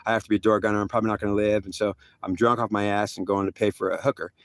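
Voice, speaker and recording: Older man, veteran storyteller, rambling intense monologue, gravelly low voice, dry close recording. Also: flat delivery, racing, a bit bright, dry recording. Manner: rambling, intense, self-critical, frequent restarts. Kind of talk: emotional personal monologue.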